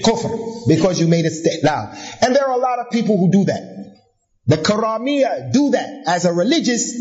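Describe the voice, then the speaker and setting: A man's voice: high voice, darkish tone. A man delivering an earnest religious lecture, repeating key points for emphasis and mixing Arabic terms into English. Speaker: religious teacher. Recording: dull lo-fi recording.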